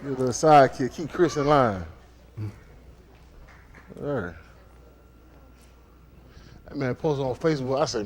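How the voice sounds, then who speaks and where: A man from Miami leading a congregation, moving between prayer and lively, joking talk with loud exclamations, recorded in a synagogue hall during a livestream. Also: mid-range voice, unhurried, long pauses, slight background noise. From Miami, Florida. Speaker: congregation leader. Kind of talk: casual sermon talk and prayer.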